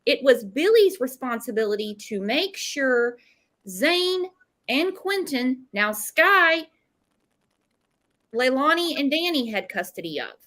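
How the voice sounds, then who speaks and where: High-voiced woman recapping a case. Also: big pitch swings, takes it slowly, fairly bright tone. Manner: conversational, explaining and recapping. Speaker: host. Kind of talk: true crime livestream commentary.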